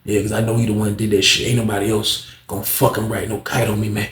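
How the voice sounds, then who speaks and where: A man puts on a hot-tempered older man who mutters low and gruff, every line blunt and menacing. The voice sits a touch lower than usual, and the room around it echoes. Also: little pitch movement, quick pace, a bit bright, a little hiss or hum, natural voice. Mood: grim, menacing. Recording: roomy echo.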